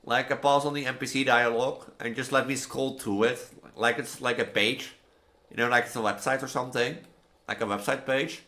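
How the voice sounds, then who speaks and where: A man's voice: medium pitch, steady tone, brisk, bright, forceful tone. A man casually commenting on a horror game he plays, rambling and musing aloud with many "like"s. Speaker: gameplay streamer. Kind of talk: casual let's-play commentary.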